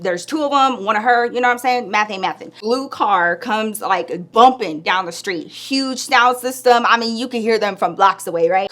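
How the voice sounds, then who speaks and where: Chatty woman telling a story. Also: medium pitch. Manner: chatty, animated, lots of "like" and "girl". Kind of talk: casual story time.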